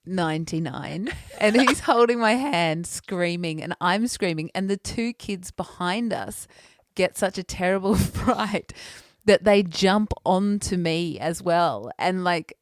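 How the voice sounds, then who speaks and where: A woman co-hosting a podcast, telling an animated story in casual chat and laughing often. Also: fairly low pitch, takes it slowly, no echo, clean studio sound. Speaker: podcast co-host.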